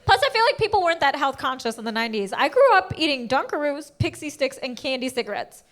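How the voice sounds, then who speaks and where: A woman's voice: high voice, very animated, fast talker, heavy background noise. A woman in her thirties from the United States, telling sarcastic, punchy stand-up stories on stage. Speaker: stand-up comedian. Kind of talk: stand-up comedy set.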